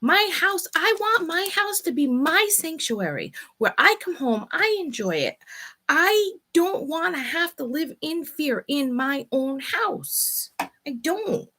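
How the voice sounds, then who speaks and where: A woman's voice: high voice, very animated, takes it slowly, sharp tone. Blunt, profane woman venting candidly. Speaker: vlog host. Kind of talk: candid personal chat.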